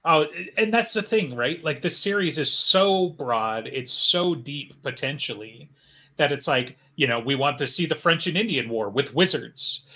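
A man's voice: a little high, expressive, a little slow, pushed and bright. A man co-hosting a podcast in casual chat, rambling with many fillers.

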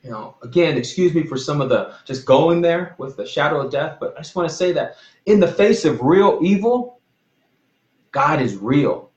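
A man's voice: on the high side, expressive, normal speed, a little mellow, echoey room, lo-fi sound. A man giving an informal, earnest sermon, rambling with restarts and apologies as he talks about faith and protection. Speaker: pastor.

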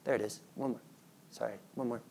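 A man in his thirties, a father, preaching a sermon in an animated, playful way and acting out his children's pleading. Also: medium pitch, a little fast, gravelly, slight background noise. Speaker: pastor.

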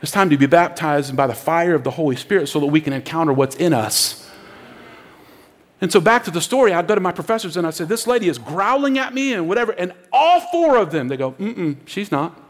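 Animated preacher man in echoing hall. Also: a little high, fast talker. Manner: animated, acts out voices in his stories. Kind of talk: animated sermon storytelling. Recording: long hall reverb.

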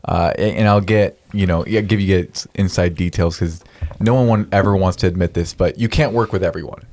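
Male podcast guest, lower voice, lively anecdotal storyteller. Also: a little fast. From San Diego area. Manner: animated storyteller acting out quotes. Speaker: podcast guest, real estate agent. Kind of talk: casual chat.

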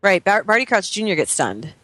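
Animated woman chatting casually. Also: medium pitch, brisk, no echo. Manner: hesitant, many fillers, laughs often. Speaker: podcast co-host. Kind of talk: casual book discussion.

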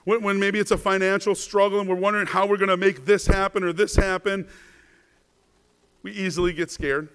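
A man preaching a sermon as a pastor, asking rhetorical questions, often adding "right?", and swinging between hushed and louder passages. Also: sits high, fairly even intonation, a little fast, clear, resonant tone. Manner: rhetorical questions, frequent "right?", stammered repeats.

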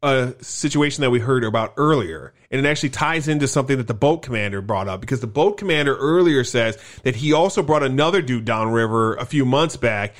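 A man's voice: medium pitch, a little fast, few pauses. A man recapping a film in loose, profane, rambling casual talk.

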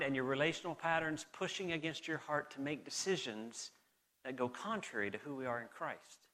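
A middle-aged man with a softened Southern American accent, preaching a sermon in an earnest, conversational way and reading scripture aloud. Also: on the high side. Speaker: pastor.

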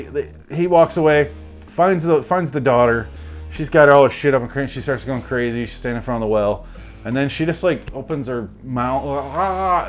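Rambling, profane man recapping a movie. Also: medium pitch. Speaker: movie reviewer.

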